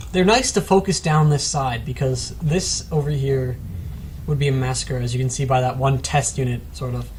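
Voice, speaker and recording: A man's voice: a little high, a little mellow, a little hiss or hum. A man giving casual commentary on a strategy game replay, rambling and self-mocking with chatty asides, still a bit sick. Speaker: gameplay commentator.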